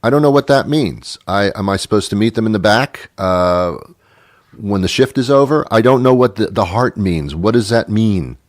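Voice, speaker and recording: A man's voice: lowish voice, animated, moderate pace, no echo, studio quality. A middle-aged man hosting a radio show, delivering a rambling, wry comedic monologue with many restarts. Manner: rambling, self-interrupting, wry.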